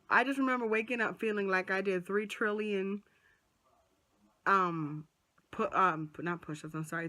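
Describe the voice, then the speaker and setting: Chatty woman telling her story to camera. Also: medium pitch. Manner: chatty, animated, acts out quoted voices. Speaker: vlogger. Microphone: phone or small camera close up.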